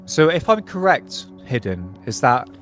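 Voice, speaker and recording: A man's voice: medium pitch, very animated, a little slow, fairly bright tone, faint music behind. A man from Bristol with a Bristolian accent, hosting a casual podcast chat, rambling and laughing often. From Bristol, England. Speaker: podcast host.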